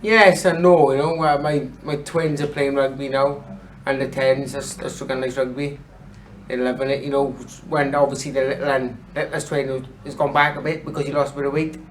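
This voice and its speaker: A man in his thirties, a boxer chatting casually as an interview guest, blunt and sweary and quick to laugh. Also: medium pitch, flat delivery, a little hiss or hum, rough recording. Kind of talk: casual chat.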